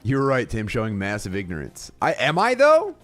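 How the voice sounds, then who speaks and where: Casual streamer, young man, lively swooping delivery, soft music under. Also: medium pitch, moderate pace. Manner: rambling, swearing, laughs a lot.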